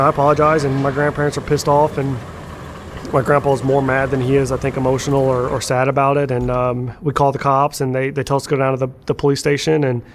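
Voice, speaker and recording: Halting young man over engine noise. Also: medium pitch. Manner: halting, repeats words, frequent fillers and swearing. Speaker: storyteller sharing a personal account. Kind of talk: candid personal storytelling. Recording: clear background engine noise.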